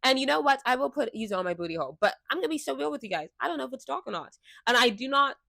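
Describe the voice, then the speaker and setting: A young woman talking casually and frankly to a fixed camera, chatty and quick to laugh. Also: sits high, expressive, vocal fry, fairly bright tone, no echo, clean studio sound. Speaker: vlogger. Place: indoors, seated before a fixed camera. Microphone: camera mic.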